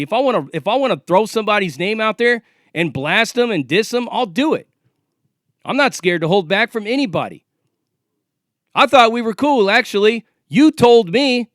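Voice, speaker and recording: A man's voice: high-pitched, a bit bright, no echo, studio quality. Profane, confrontational man in his forties. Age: 40s. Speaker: vlogger. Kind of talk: ranting monologue to camera.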